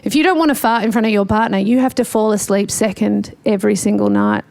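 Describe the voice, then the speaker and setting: A woman's voice: medium pitch, sing-song, fast, creaky, a little mellow, no room sound. A woman doing a stand-up comedy set, chatty and self-mocking, often laughing at her own jokes. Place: livestreamed gig.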